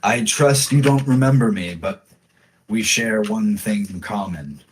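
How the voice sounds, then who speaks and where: A man putting on a cocky goat-horned bandit wrestler, boastful and showy, unhurried delivery, mid-pitched voice. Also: lightly acted.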